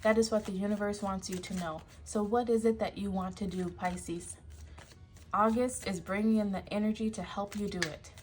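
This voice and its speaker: A woman's voice: medium pitch, fairly even intonation, normal speed, darkish tone, faint music behind. A woman giving a casual tarot reading, emphatic, often laughing and sighing. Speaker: tarot reader.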